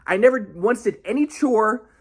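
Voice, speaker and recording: A man's voice: sits high, expressive, moderate pace, breathy edge. A young man telling a rambling personal story in a casual monologue, with many restarts and quoted asides.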